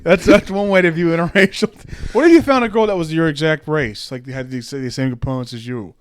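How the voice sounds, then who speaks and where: A man's voice: fairly high pitch, fairly quick, clear, resonant tone. A young man co-hosting a casual comedy podcast, playing along with the jokes and asking follow-up questions. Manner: easygoing, plays along with bits and asks follow-up questions. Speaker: podcast co-host.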